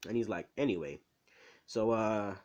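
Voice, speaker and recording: A man casually improvising a fan story, rambling with fillers and asides to the listener, in a low voice. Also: normal speed, a little mellow.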